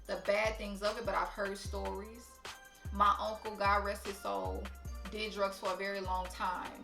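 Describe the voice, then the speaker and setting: A young woman telling a story to camera, blunt, profane and animated. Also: medium pitch, gravelly, roomy sound. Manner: blunt, profane, animated, talks straight to viewers. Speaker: storytime vlogger.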